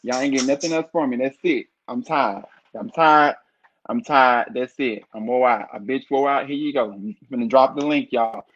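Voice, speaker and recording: A man's voice: mid-range voice, normal speed, fairly bright tone. Sassy man hosting a lo-fi livestream. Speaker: livestream host. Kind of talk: casual livestream chat. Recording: dull lo-fi stream audio.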